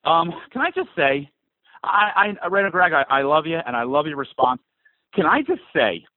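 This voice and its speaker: A man's voice: fairly high pitch, very animated, moderate pace, dry recording. A man in his forties with a New Jersey accent, calling in to rant about his team, fired up and exasperated, and fighting a cold. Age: 40s. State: has a cold. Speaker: caller. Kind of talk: emotional sports call-in rant. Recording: tinny phone line.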